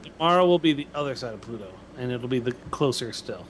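A man co-hosting a comedy podcast in casual chat, dropping quick, dry remarks. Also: medium pitch, animated, background noise. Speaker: podcast co-host.

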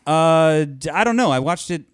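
A man's voice: a little high, lively intonation, normal speed, smooth, dry recording, clean studio sound. A man co-hosting a casual film review chat, talking loosely with many hesitations. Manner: chatty, hesitant with many ums. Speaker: podcast co-host reviewing films.

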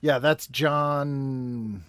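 A man's voice: medium pitch, very slow, a bit bright, clean tone, dry recording. A man guest on a comedy podcast, dropping wry, dry quips in casual chat.

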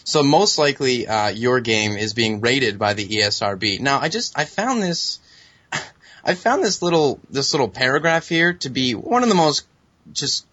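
A man's voice: mid-range voice, expressive, normal speed, a bit bright, no room sound. A young man co-hosting a gaming podcast, delivering an emphatic, sardonic rant. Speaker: podcast co-host. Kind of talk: ranting commentary. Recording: dull lo-fi sound.

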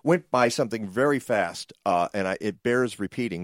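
Casting note: male radio host, lowish, dry close mic, animated and stammery. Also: normal speed, few pauses, dry recording. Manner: animated, repeats words when excited. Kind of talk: radio talk show.

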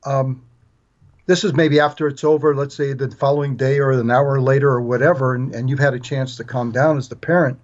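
A man as a guest author on a parenting podcast, explaining in an earnest, steady way with small restarts. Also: mid-range voice, a little fast. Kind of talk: podcast interview. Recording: dull, muffled audio.

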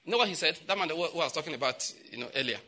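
A man with a Nigerian accent preaching a sermon, emphatic and repetitive, with sudden loud outbursts and asides in pidgin. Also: a little high, animated, very fast.

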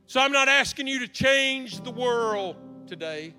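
A man preaching a sermon, an animated storyteller who acts out the dialogue. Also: very high-pitched, measured pace. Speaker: pastor. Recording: reverberant hall with faint music.

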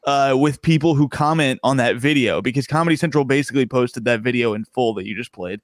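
A man's voice: medium pitch, fast, no room sound. A man, a stand-up comedian, chatting casually in a podcast interview, rambling and restarting his sentences and laughing often.

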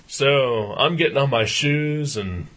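A man co-hosting a podcast, telling a profane story in casual chat and getting loud as he retells his anger. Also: medium pitch, slow pace. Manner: profane ranting anecdote, gets loud when retelling anger. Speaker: podcast co-host.

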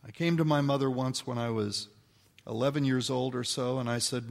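An older man giving a folksy, animated talk to an audience of mothers, acting out the voices in his stories. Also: medium pitch, moderate pace, creaky. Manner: folksy, animated storytelling, acts out quoted voices. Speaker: speaker addressing an audience of mothers. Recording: long hall reverb.

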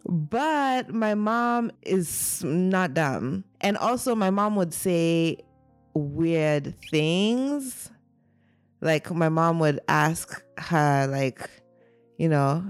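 A young woman telling a personal story in an animated, chatty way, full of fillers. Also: low-pitched, takes it slowly, dry recording, soft background music. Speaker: interviewee.

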